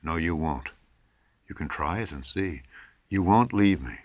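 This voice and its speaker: Guy reading a sulky resentful husband, bitter and petulant, deep voice, dry sound. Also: lively intonation, measured pace, no room sound. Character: sulking, resentful rich husband. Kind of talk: audiobook character reading.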